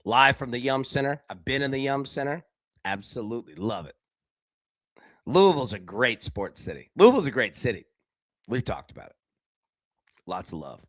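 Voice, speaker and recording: Animated man hosting a live betting show. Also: normal speed, pauses often, no room sound. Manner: animated, swings between loud bursts and low asides; talks directly to chat viewers by name. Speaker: sports betting show host. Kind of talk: live sports betting talk show chat. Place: indoor room with a window.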